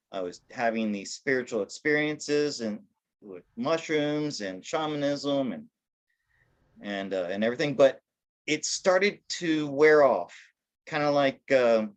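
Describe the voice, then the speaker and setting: A man telling his life story in a casual interview over a video call, rambling with restarts and laughing at himself. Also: medium pitch. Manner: rambling, with many restarts and self-corrections; self-deprecating, laughing at himself.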